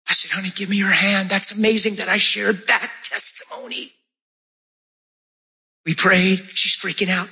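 A male pastor preaching, telling a testimony with acted-out dialogue and bursts of shouted praise. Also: high voice, brisk, gravelly. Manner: animated storytelling, acting out dialogue, shouting praise. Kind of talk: sermon testimony.

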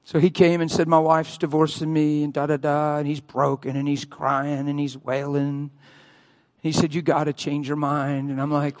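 A man preaching a sermon as a pastor, telling a story and acting out the quotes with loud cries. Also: flat delivery, normal speed. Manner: acts out quotes, shouting and wailing at high peaks. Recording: long hall reverb.

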